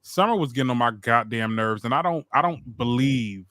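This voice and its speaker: A man's voice: mid-range voice, moderate pace, few pauses, bright, forceful tone, no echo, clean studio sound. A man co-hosting a podcast who gives blunt, exasperated opinions in casual chat. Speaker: podcast co-host.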